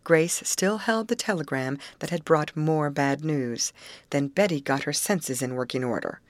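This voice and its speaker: A woman narrating a storybook chapter in an even, measured manner. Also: low-pitched, no room sound. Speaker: audiobook narrator. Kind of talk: scripted narration.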